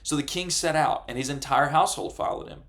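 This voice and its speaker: A man preaching a sermon, earnest and animated, sometimes acting out the voices of the people he describes. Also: on the high side, a little fast. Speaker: pastor.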